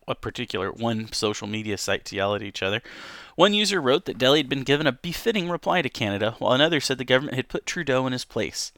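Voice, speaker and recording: A man's voice: medium pitch, a bit bright, no room sound, studio quality. A man casually reading news stories aloud on a livestream, with frequent ums, self-corrections and asides to chat. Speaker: livestream host.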